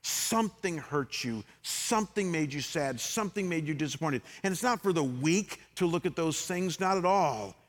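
A middle-aged man preaching a sermon as a pastor, telling candid personal stories and moving between loud re-enactments and quiet reflection. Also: on the high side, expressive, moderate pace, hardly any pauses. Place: church sanctuary. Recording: long hall reverb.

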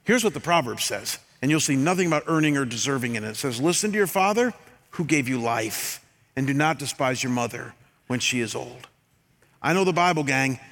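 Animated older pastor in a big hall. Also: male voice, medium pitch, a little fast. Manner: storytelling, self-deprecating humor, animated swings in loudness. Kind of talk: sermon. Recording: long hall reverb.

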